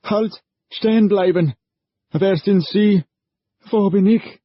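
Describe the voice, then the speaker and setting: A man putting on a shrill scared young German soldier. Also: slow pace, dry recording, lo-fi sound. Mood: panicked. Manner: shrill, broken, panicky.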